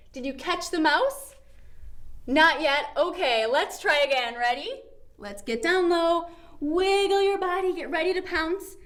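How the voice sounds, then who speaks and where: A young woman guides little kids through a yoga lesson with a bright, high voice. She speaks slowly and gently, with a sing-song, encouraging manner meant for toddlers. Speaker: kids' yoga teacher.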